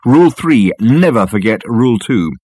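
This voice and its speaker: A man voicing a smug, eccentric male private detective who lectures in a pompous, crisp way. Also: medium pitch, animated, normal speed, darkish tone, dry recording, studio quality. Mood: lecturing.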